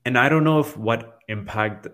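A man's voice: medium pitch, moderate pace, fairly bright tone. A man hosting a podcast, speaking earnestly and reflectively and often restarting his sentences.

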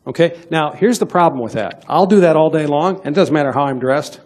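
Middle-aged man, sales trainer; quick, husky, a touch high, punchy and coaxing. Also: darkish tone. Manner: punchy, direct, coaxing, acts out sales dialogues. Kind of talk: motivational sales talk to an audience.

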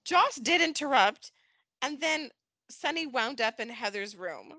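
A woman's voice: high-pitched, lively intonation, unhurried, pushed and bright, no room sound. A woman co-hosting a podcast, chatting animatedly about a soap opera, laughing often and acting out the characters' lines. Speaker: podcast co-host. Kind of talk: casual fan recap chat.

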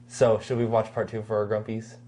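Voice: medium pitch, a little fast, a little hiss or hum. A young adult podcast co-host chatting casually about a movie, retelling scenes with acted-out lines and laughter. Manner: animated storyteller, acts out lines. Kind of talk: casual movie review chat.

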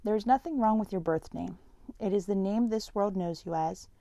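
A woman reading the part of a calm, formal male mentor who speaks stiffly and evasively. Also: mid-range voice, moderate pace, no echo, lightly acted.

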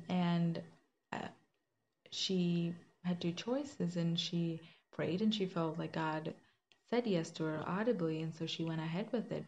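Young woman, lower voice, earnest personal testimony, slightly muffled recording with faint hiss. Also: a little mellow. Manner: earnest, conversational, with many fillers and restarts. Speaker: Christian speaker sharing a personal story.

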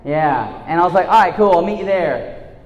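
Male preacher, slightly high voice, animated storyteller turning quiet and earnest, roomy reverb. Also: moderate pace, highs cut off. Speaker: youth speaker and teacher. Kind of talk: storytelling sermon. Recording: echoey hall with long reverb.

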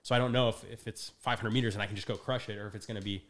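A man's voice: fairly low pitch, steady tone, very fast, fairly bright tone. A young adult man, a guest in a casual podcast conversation, who tells a story with energy, acts out quotes and laughs often.

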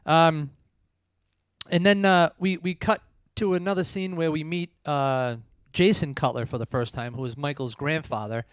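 A man with a smooth, slightly high voice hosts a laid-back movie review chat. He retells scenes in a chatty, amused way. The sound is dry and close. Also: steady tone, normal speed, no echo. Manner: chatty plot retelling with frequent laughs. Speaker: podcast host.

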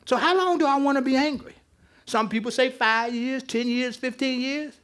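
A man preaching a lively, conversational sermon to a congregation, joking with the crowd as he teaches. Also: very high voice, moderate pace. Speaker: pastor. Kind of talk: interactive sermon. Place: church with live congregation.

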